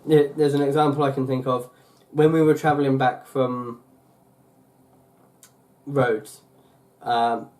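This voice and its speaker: A man's voice: medium pitch, flat delivery, slow, long pauses, a little mellow. A young man from England talking casually on his vlog, rambling with lots of fillers and restarts. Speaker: YouTuber.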